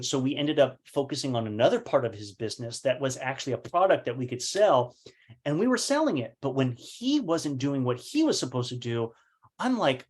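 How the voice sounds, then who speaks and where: A man's voice: mid-range voice, lively intonation, a little fast. A man telling his own business story in a casual motivational talk, acting out past conversations with fillers and rhetorical questions.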